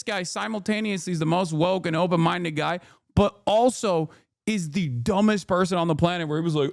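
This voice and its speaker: A man streaming casual commentary, incredulous and profane, with frequent loud exasperated outbursts. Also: high-pitched, fairly quick, gravelly, no room sound, clean studio sound. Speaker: streamer reacting to news.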